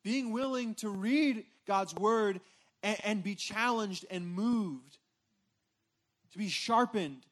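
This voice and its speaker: A pastor with a high, fairly bright voice preaches slowly and conversationally from a church stage to a congregation that responds. His sermon is informal, with repeated words, restarts and frequent "right?" checks with the congregation.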